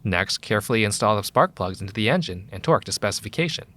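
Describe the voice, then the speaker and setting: Low-voiced man narrating service steps. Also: fast talker. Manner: calm, even, instructional delivery. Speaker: instructional voice-over narrator. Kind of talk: scripted narration.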